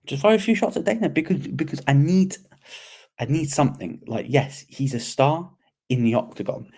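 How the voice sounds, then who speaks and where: Mellow-voiced man rambling about fights. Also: a little high, moderate pace. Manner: animated, rambling, repeats words. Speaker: podcast co-host. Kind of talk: casual sports chat.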